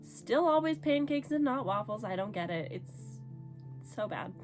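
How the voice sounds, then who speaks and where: A young woman vlogging casually about a book she is reading, with animated, dramatic reactions. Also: a little high, measured pace, faint music behind. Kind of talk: casual reading vlog chat.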